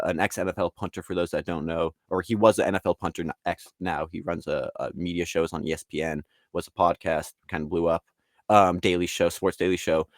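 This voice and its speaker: A man with a deep voice guests on an interview podcast as an artist and league founder, chatting casually and at length. He's animated and acts out other people's quotes in voices, and the studio-quality recording has no room sound.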